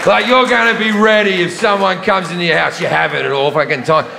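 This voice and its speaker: A middle-aged man performing profane stand-up comedy, swinging from shouting to muttered asides. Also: sits high, steady tone, fairly quick, gravelly. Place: large theater with a live audience. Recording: live concert recording in a reverberant hall, audience laughter. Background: crowd laughter and room noise.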